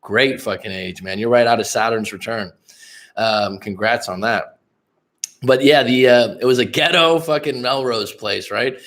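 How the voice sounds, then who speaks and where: A man's voice: medium pitch, moderate pace, a bit bright. A male life coach hosts a casual livestream. He rambles from one thought to the next, swears freely and often stops to speak straight to viewers in the chat. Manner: rambling, profane, addresses chat viewers directly.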